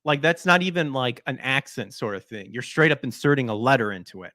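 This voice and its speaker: A man's voice: mid-range voice, expressive, fairly quick, fairly bright tone, dry recording, studio quality. A man hosting a gaming podcast, ranting sarcastically about news articles in a mocking, crude way. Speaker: podcast host.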